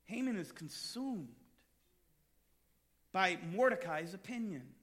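A man preaching a sermon as pastor, reading scripture and telling stories, rising to shouts at times. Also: sits high, very animated, slow pace.

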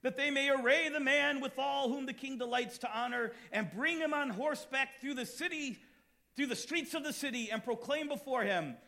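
A man preaching a sermon as pastor, reading scripture and telling stories, rising to shouts at times. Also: very high voice, normal speed, vocal fry.

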